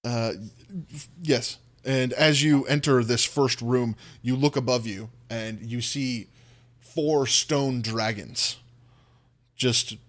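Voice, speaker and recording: Guy dm-ing a tabletop game, slow descriptive scene-setting, middle pitch. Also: fairly bright tone. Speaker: dungeon master.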